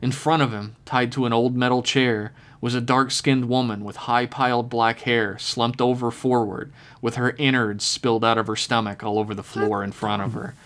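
Guy reading out a horror story, steady measured voice, middle pitch. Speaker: podcast storyteller.

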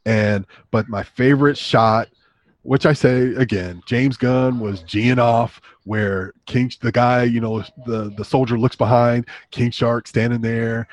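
A man in casual conversation about a movie, talking in a relaxed, drawn-out way that trails into restarts. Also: mid-range voice, no room sound.

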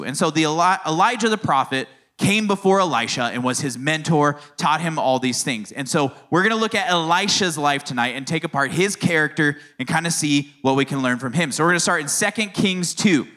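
Male pastor, 30s, casual storytelling sermon, slightly high, bright voice. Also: lively intonation, brisk, few pauses. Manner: storytelling, conversational, playful asides. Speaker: youth pastor.

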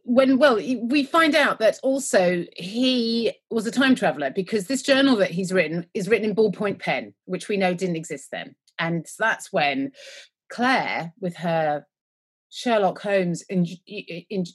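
A woman's voice: mid-range voice, expressive, a little slow, husky. A woman co-hosting a podcast, recapping a TV episode in casual, rambling chat, joking and trailing off mid-word. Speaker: podcast co-host.

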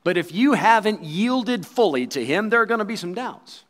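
A man preaching a sermon, quoting scripture and acting out voices, swinging between loud bursts and quiet asides. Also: high-pitched, animated, moderate pace. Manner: acts out quoted voices and crowd replies.

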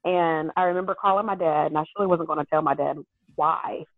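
A woman guest on a podcast, candidly telling a personal story in an earnest, animated way that often breaks into laughter. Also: low-pitched, fast, no room sound. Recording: thin phone-like call audio.

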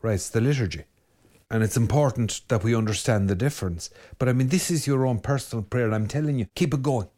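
Irish priest preaching, pushy and urgent, fires off commands, mid-pitched man's voice. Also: warm tone. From Ireland. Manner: urgent, exhorting, direct address with rapid commands. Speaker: Catholic priest. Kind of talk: spoken sermon on prayer.

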